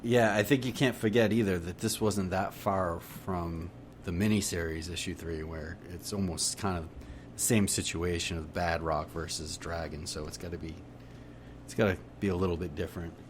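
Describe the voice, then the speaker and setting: A man with a very deep voice co-hosts a relaxed comic-book podcast. He speaks hesitantly and easygoingly, often restarting his sentences. Faint background noise runs under his voice. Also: normal speed. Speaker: podcast co-host. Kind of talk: casual comic-book chat.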